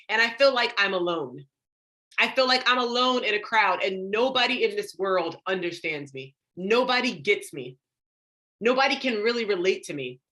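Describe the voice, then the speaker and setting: A young adult woman giving a live motivational talk on confidence to an online audience, acting out inner voices with big jumps up in pitch and dropping soft on heavy words. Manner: drops soft and low on emotional words. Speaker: confidence coach.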